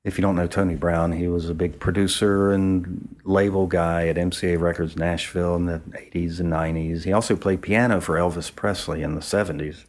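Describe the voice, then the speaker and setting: A man's voice: deep voice, fairly even intonation, fairly quick, darkish tone. A man from the American South, a photographer, casually telling a long anecdote and acting out what others said. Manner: rambling storyteller who acts out quoted speech. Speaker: photographer guest.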